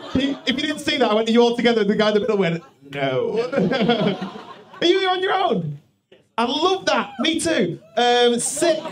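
A male stand-up comedian doing crowd work on a comedy club stage, rambling and teasing, often cutting himself off mid-sentence. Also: very high voice. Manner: rambling, teasing, self-interrupting.

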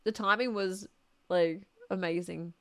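A woman's voice: mid-range voice, steady tone, unhurried, a bit bright, clean tone. A woman streaming live, reacting while she keeps breaking into helpless laughter, breathless and lightheaded, with a goofy laugh.

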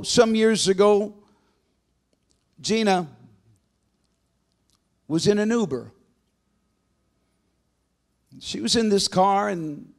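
A man pastor preaching a sermon, telling stories in a dramatic storytelling manner and building to forceful proclamations. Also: high voice.

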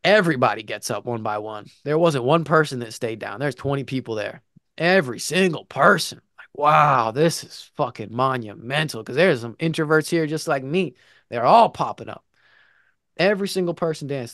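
A man telling a personal story in a casual, comic way, animated and profane, dropping from loud bursts to hushed tones. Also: a little high, brisk, no echo, clean studio sound.

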